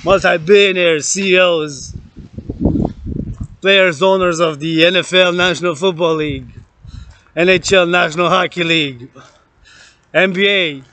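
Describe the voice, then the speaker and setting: A man's voice: sits high, fairly even intonation, measured pace, long pauses, sharp tone. A man rambling in a loose rant while marching outdoors, laughing between phrases and repeating words. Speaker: vlogger.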